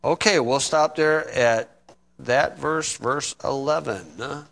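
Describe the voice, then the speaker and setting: Slow, bright-voiced preacher in a hall. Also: male voice, mid-range voice, creaky. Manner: slow, measured scripture reading with folksy asides. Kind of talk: sermon. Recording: long reverb in a hall.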